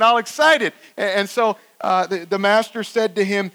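A man preaching a sermon as pastor, emphatic and animated, swinging from loud to hushed and repeating words as he builds up. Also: high voice, normal speed, hardly any pauses, poor audio.

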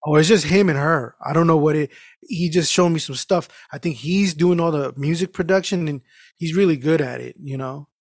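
A casual podcast host with a voice pitched a little high, recorded close and dry. He rambles through his stories, swears freely and restarts his sentences. He works "dude" into nearly every thought. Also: fairly quick, no room sound. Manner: loose and profane, peppers talk with "dude"; animated storytelling with many restarts. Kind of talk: casual chat, rambling anecdote.

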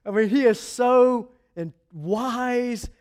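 A man preaching a sermon in a chatty, animated storytelling way, adding asides and chuckles. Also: very high voice, takes it slowly, clean tone.

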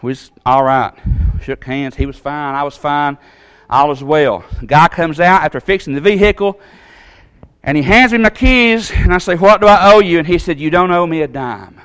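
A man tells a personal story from the pulpit. His voice sits a little high, and he acts out each voice, swinging between loud outbursts and quiet asides. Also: moderate pace, clean tone. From Tennessee. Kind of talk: storytelling sermon.

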